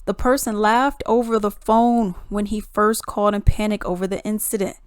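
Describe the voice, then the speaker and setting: A woman vlogger telling a story in a casual, animated, exclamatory way. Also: medium pitch, normal speed, smooth, dry recording, clean studio sound.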